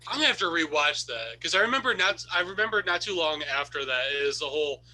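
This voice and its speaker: A man's voice: fairly high pitch, quick pace, low-quality recording. A man co-hosting a casual sports chat, joking and laughing through his points. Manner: lively, jokey, breaks into laughter. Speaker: podcast co-host.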